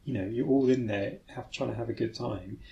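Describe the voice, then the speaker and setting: A man co-hosting a podcast, chatting casually and explaining his view in a measured way. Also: medium pitch, vocal fry, dark tone, lo-fi sound. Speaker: podcast co-host. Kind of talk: casual chat.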